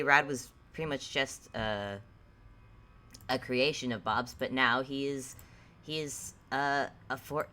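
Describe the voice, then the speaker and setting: A woman hosting and running a tabletop game, chatting casually in a halting, rambling, self-mocking way. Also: a bass voice, bright, forceful tone. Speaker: game master and host.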